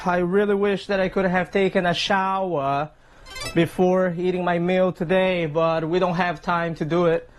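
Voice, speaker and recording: A man with a Philadelphia accent chatting through a casual cooking vlog in his home kitchen, eating and savoring between lines. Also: high voice. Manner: chatty, tags lines with "okay?" and "right?". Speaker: fishing vlogger.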